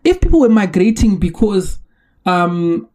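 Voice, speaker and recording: A man from Zimbabwe, hosting a solo podcast and making his case in an earnest, measured way with rhetorical questions. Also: high voice, very animated, a little mellow. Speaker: podcast host.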